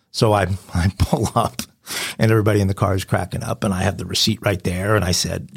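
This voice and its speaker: Gravelly low-voiced man. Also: fairly even intonation, normal speed. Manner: rambling, self-amused anecdote telling. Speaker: podcast co-host. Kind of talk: casual storytelling chat.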